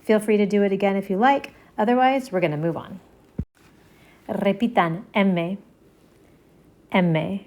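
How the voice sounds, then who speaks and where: A woman's voice: mid-range voice, unhurried, pauses often, a little mellow. A woman teaching a Spanish alphabet lesson, saying each letter twice and explaining its sound step by step. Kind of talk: slow, patient alphabet lesson.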